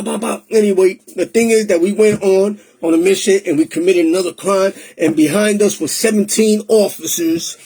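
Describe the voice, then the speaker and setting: A man recounts his own testimony in a high, husky voice. He talks in a streetwise, emotional way and slips Spanish phrases into his English. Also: darkish tone. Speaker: testimony speaker. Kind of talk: personal testimony storytelling.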